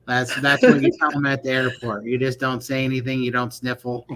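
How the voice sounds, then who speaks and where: A man's voice: medium pitch, level tone, a little fast, fairly bright tone, low-quality recording. A man co-hosting a casual livestream chat, joking in a folksy way and reading viewer questions aloud. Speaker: podcast co-host.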